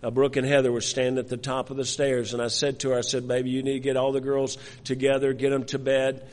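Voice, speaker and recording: An older male pastor tells a family story in his sermon, circling back and repeating himself as he goes. His mid-pitched voice carries a long reverb from the hall. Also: completely flat delivery, fast, a little mellow. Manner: storytelling, repeats words, many restarts.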